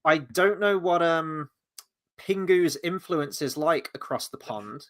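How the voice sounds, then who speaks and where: A man hosting a casual review chat, animated and rambling, swearing freely as he talks. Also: on the high side, slow. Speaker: host.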